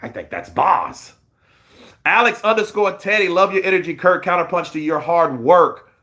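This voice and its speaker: A man hosting live boxing commentary, excitable and profane, laughing often. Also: sits high, normal speed. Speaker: boxing news host. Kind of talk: casual live-stream commentary.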